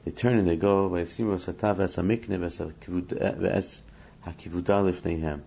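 A man's voice: deep voice, fairly even intonation, normal speed, vocal fry, dark tone, slightly rough, lo-fi sound. A man teaching a scripture lesson, reading Hebrew verses and explaining each one in English while acting out the speakers in the text. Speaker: Torah teacher.

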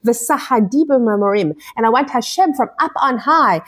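A woman's voice: fairly high pitch, animated, moderate pace, slightly rough, pitched above the performer's own voice. A woman voicing a grieving biblical man in a scripture lesson, pleading his innocence in an anguished voice and repeating her words.

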